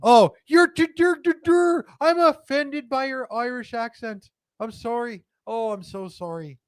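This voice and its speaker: A man's voice: very high-pitched, unhurried, clear, resonant tone, no echo, studio quality, pitched above the performer's own voice. A man putting on the voice of a whiny, mock-offended man, taunting in a sing-song way.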